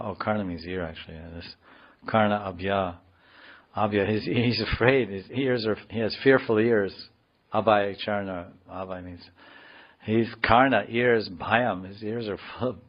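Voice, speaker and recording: Low-voiced man teaching scripture. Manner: digressive, joking, explains words slowly. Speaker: spiritual teacher. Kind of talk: scripture class. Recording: dull lo-fi recording.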